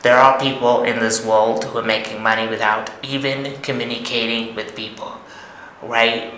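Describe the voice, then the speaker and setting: A man's voice: medium pitch, flat delivery, normal speed, sharp tone. Emphatic man lecturing in an echoey room. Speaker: online money coach. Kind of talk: monologue to camera. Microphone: camera mic. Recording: echoey room, faint noise.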